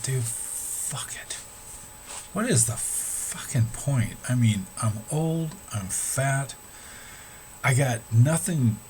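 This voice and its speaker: A man's voice: medium pitch, a little mellow, slight background noise, low-quality recording. A middle-aged man, an amateur musician, talking casually and candidly, swearing freely and rambling with restarts. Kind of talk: casual talk to camera.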